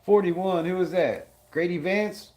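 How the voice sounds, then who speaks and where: Excitable man hosting a game-watch stream. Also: sits high, measured pace. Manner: excitable, trash-talking, greets chat viewers. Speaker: livestream host.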